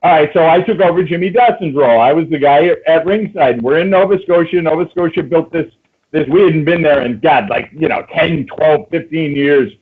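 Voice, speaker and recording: A man hosting a podcast, chatting casually and haltingly with many restarts. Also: a little high. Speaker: podcast host. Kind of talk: casual chat. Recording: tinny phone-like line.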